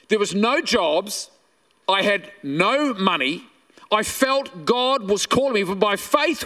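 High-voiced Kiwi pastor preaching animatedly. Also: male voice, far from the mic. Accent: New Zealand. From New Zealand. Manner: animated, jokey, repeats phrases for emphasis. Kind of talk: sermon with personal storytelling. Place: church service.

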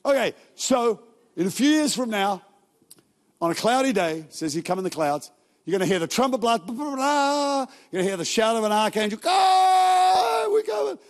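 A male pastor giving a sermon in a church, telling stories in a casual, joking way with quick asides. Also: high-pitched, animated. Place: large church hall. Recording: long reverb from a church hall.

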